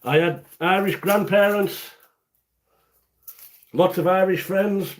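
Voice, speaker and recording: A man's voice: high-pitched, slow. A man from the UK hosting a casual live cooking stream from his home kitchen, chatty and jokey, rambling as he greets viewers by name. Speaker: cooking show host.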